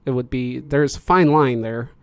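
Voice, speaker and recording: A man hosting a casual live-streamed panel discussion, explaining in a measured way and pausing mid-thought. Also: medium pitch, fairly even intonation, smooth. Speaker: host.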